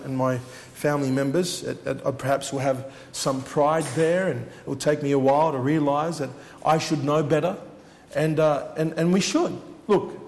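A man's voice: on the high side, darkish tone, big-room sound. A man preaching a sermon as he shares his testimony, earnest and repeating his words for emphasis.

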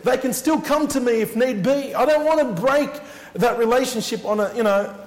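A man's voice: very high-pitched, moderate pace, long reverb tail. A man preaching a sermon as he shares his testimony, earnest and repeating his words for emphasis.

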